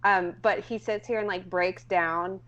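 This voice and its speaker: Female podcast co-host, mid pitch, rambly casual storyteller, muffled lo-fi mic. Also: steady tone, measured pace, fairly bright tone. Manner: rambling, filler-heavy storytelling. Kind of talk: casual chat.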